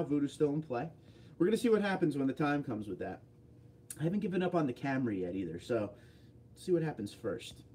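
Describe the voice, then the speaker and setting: A man hosts a relaxed livestream, reading out viewer comments and tossing back quick, offhand answers. His voice sits a touch high for a man, with a warm, mellow tone. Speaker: livestream host. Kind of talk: casual livestream chat.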